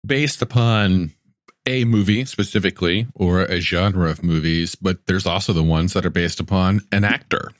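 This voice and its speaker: A man's voice: sits low, moderate pace, no room sound, clean studio sound. A man co-hosting a casual podcast, joking and chiming in with movie lines. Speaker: podcast co-host. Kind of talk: casual chat.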